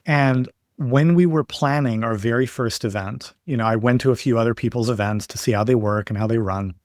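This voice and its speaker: A man as a podcast guest, explaining his ideas in a steady way with stories and examples. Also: mid-range voice, fairly quick, no echo, studio quality. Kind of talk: explanatory interview talk.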